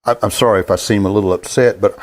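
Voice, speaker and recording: A man's voice: fairly low pitch, fairly even intonation, fast. A man in his seventies hosting a show, talking earnestly in a plain-spoken monologue, often stumbling and repeating words as he goes. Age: 70s. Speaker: host.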